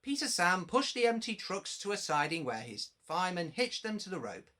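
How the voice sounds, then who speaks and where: A man reading a storybook aloud to young children, addressing them directly. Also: sits high. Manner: slow, animated, addressing children.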